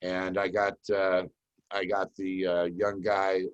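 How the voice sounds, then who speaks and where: Host guy, pretty low voice, easygoing chat, muffled lo-fi audio. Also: completely flat delivery, slow pace, clean tone. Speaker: show host. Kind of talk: casual interview chat.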